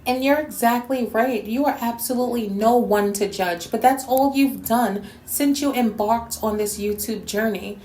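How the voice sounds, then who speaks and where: Woman from New York City, sassy response-video host, blunt and scolding, slightly high voice, echoey room. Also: darkish tone, a little hiss or hum. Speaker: YouTube reactor and host.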